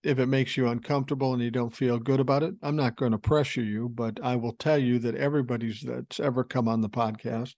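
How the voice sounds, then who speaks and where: A man's voice: medium pitch, steady tone, brisk, hardly any pauses, darkish tone, dry recording, studio quality. A man in his sixties hosting a podcast, reading listener mail and telling rambling stories in a blunt, profane way. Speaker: podcast host. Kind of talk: casual podcast talk reading listener email.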